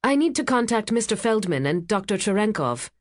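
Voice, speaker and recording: A woman's voice: mid-range voice, very animated, brisk, voice pushed up, natural voice. A woman voicing a tense, determined young female journalist who speaks urgently and slightly out of breath. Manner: urgent, pressing, a little breathless.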